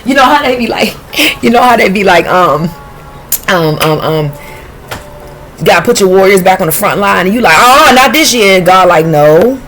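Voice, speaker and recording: A woman reads tarot cards in a loose, off-the-cuff way, cursing freely and talking to her viewers in a blunt, streetwise tone. Her voice sits at an ordinary middle pitch. Clear background noise runs under the recording. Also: normal speed. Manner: blunt, profane, streetwise and animated. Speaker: tarot reader. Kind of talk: casual intuitive tarot reading.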